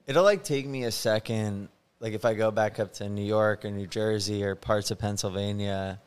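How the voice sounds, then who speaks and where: A man's voice: on the low side, moderate pace, clean tone. A man from the northeastern United States, a podcast host talking in casual, salty banter. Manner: swearing, animated banter. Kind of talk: casual chat.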